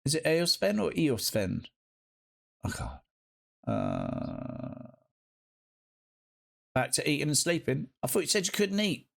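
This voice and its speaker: A man's voice: a little high, wildly swooping pitch, slow, gravelly, pauses often, fairly bright tone. A man, live streaming and chatting casually with his viewers, greeting them by name and swearing freely. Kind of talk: casual chat reading live chat.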